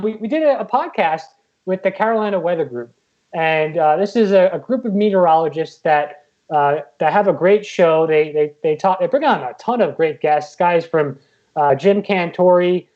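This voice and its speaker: A man's voice: high-pitched, normal speed, darkish tone, dull audio. A man co-hosting a casual podcast as a meteorologist over a video call, easygoing and stopping to restart his sentences. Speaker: co-host and meteorologist.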